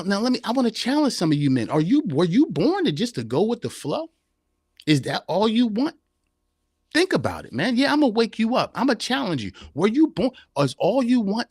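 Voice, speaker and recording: A man's voice: a little high, no echo, studio quality. Preachy fired-up man on a live podcast. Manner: preachy, exhorting, rhetorical questions. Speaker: podcast host. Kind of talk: live-streamed motivational talk.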